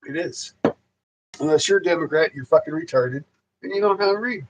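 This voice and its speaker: A man's voice: on the high side, a little fast, background noise. A man hosting a casual livestream, ranting loosely and rambling, with heavy swearing and frequent repeats. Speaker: livestream host.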